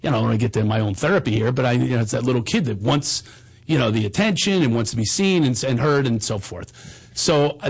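A man's voice: mid-range voice, breathy edge. A middle-aged man hosting a comedy show, telling rambling, self-deprecating personal stories in a bombastic, casual way. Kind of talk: casual chat and personal storytelling.

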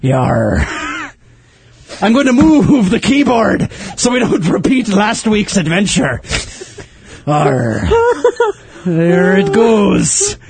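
A man hosting a comedy podcast as a boisterous pirate captain, in a put-on pirate brogue with loud, drawn-out exclamations. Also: sits high, sing-song, gravelly, breathy edge, heavily acted. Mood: hearty. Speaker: podcast host. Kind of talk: comedic pirate role-play.

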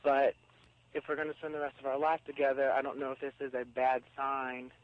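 A man's voice: mid-range voice, completely flat delivery, a little fast, dull audio, noisy background. A man in his twenties calling in for advice, hesitant and rambling. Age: 20s. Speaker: caller seeking advice. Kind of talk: casual chat.

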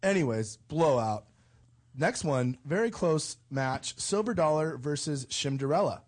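Husky, easygoing man co-host. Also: a little high, lively intonation, a little slow. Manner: easygoing, filler-heavy. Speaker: podcast co-host. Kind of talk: casual chat, reading out results.

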